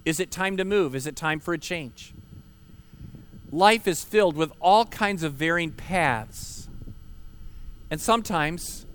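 A man's voice: on the high side, slow pace, pauses often, a bit bright, clear, resonant tone. A man, a pastor preaching a sermon at an outdoor park service, earnest and emphatic, asking rhetorical questions and repeating key words.

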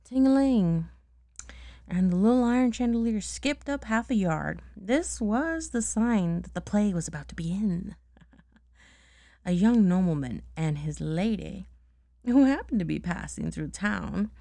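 A woman's voice: mid-range voice, lively intonation, measured pace, vocal fry, dark tone, dry recording. A woman casually reading a storybook aloud, stopping to check words and laugh at her own slips. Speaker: bedtime story reader.

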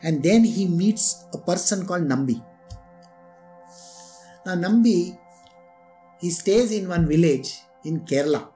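A spiritual teacher giving a devotional discourse, telling stories with lively emphasis and rhetorical questions. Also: male voice, high voice, unhurried, long pauses, soft background music. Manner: animated storytelling with rhetorical questions.

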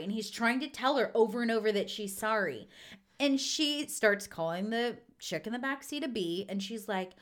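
A woman co-hosting a podcast in casual chat, an animated storyteller who acts out quotes in a high voice. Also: moderate pace. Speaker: podcast co-host.

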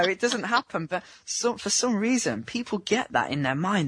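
A man's voice: high-pitched, big pitch swings, moderate pace, few pauses, a bit bright, husky. A man, a dating coach talking in a chatty interview and acting out small scenes in other voices. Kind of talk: remote interview.

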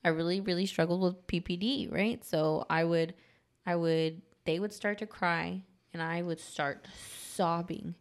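A woman in her thirties co-hosting a podcast in casual chat, candid and quick to laugh, often checking in with "right?". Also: on the low side, steady tone, clear, resonant tone. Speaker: podcast co-host.

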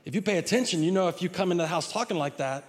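Middle-aged pastor guy preaching, slightly high voice, chatty, keeps restarting his sentences. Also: animated, racing. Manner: conversational preaching with frequent repeated words and restarts; acts out a child's pleading voice in quotes. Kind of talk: sermon.

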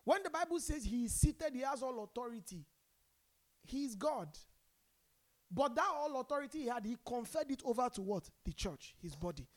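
A woman's voice: a little high, big pitch swings, moderate pace. Nigerian woman preaching with rising emphasis. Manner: call-and-response, swings from loud emphasis to soft asides. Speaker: pastor. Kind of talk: sermon.

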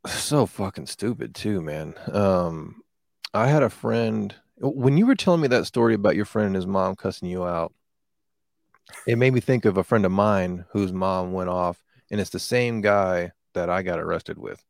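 A man's voice: deep voice, moderate pace, vocal fry, no echo, studio quality. A man in casual chat, telling a rambling, profane story with lots of fillers.

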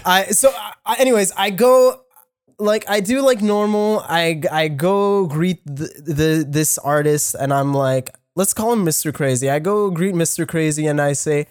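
Animated, foul-mouthed young man telling a story. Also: on the high side, moderate pace, smooth, no echo, studio quality. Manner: animated, profane, many fillers and restarts. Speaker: podcast co-host, audio engineer. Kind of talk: casual storytelling chat.

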